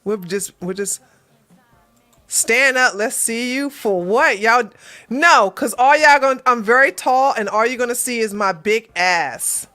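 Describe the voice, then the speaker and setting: A woman's voice: on the high side, animated, a little slow, pushed and bright, soft background music. A woman hosting a livestream, chatting casually with her viewers, laughing often and repeating herself. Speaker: livestream show host.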